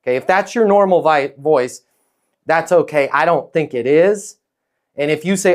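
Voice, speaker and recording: A man coaching leasing teams in a relaxed training talk, his voice sitting slightly high. He keeps a calm, neutral, non-pushy tone and checks in with listeners constantly. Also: moderate pace. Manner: coaching, peppered with "okay?" and "right?" tags.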